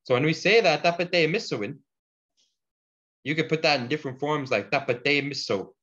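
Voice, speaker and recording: A man's voice: fairly high pitch, a bit bright. Patient man teaching a language lesson. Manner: patient, explains slowly with repeated examples. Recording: dull lo-fi audio.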